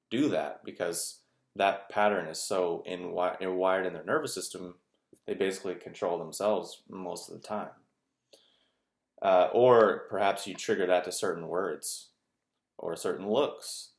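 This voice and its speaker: A man's voice: low voice, normal speed, vocal fry. A man talking in a casual, rambling monologue with lots of fillers. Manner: rambling, filler-heavy, conversational. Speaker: video host. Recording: echoey room.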